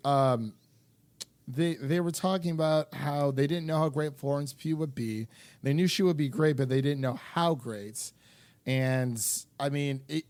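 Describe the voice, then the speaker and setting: A man's voice: fairly high pitch, dry recording. Rambling young man, dry close sound. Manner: animated, rambling with many restarts and fillers. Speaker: podcast co-host. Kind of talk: casual chat.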